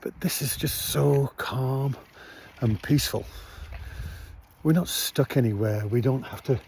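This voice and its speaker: A man's voice: medium pitch, a little slow, a little hiss or hum. A man vlogging casually outdoors at night by his van, rambling with lots of fillers. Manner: rambling, relaxed, many fillers. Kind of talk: casual vlog narration.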